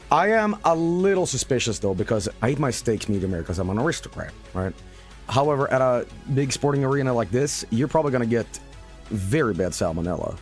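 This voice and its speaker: A man's voice: mid-range voice, fairly quick. A man giving casual gameplay commentary on a stream, his voice leaping up and down as he rants in exaggerated terms. He slips into mock-announcer flourishes and blurts out swears when things go wrong, with faint music under him. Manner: animated, hyperbolic, swears and shouts at losses.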